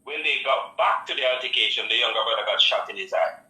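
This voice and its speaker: A man's voice: medium pitch, lively intonation, fast talker, pushed and bright. A man calling in to a talk show, earnest and preachy, repeating his points. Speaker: caller. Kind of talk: phone-in call. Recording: roomy distant phone line.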